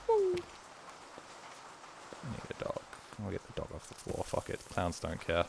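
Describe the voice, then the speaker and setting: A man's voice: deep voice, wildly swooping pitch, normal speed, vocal fry, long pauses, noisy background. A man streaming a game, rambling with crude, self-mocking jokes in casual commentary.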